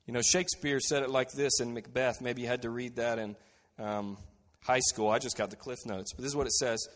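A pastor preaches in a mid-range male voice, earnest and unhurried. He sinks to a hushed tone to drive home his main lines. His voice rings with the long reverb of a large hall. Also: medium pitch, steady tone. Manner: earnest preaching, drops to quiet emphasis on key phrases. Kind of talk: sermon.

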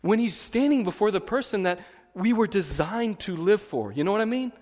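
A man's voice: sits high, lively intonation, a little fast, darkish tone, big-room sound. A man preaching a sermon as pastor, conversational, swelling into emphatic repeated phrases. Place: church.

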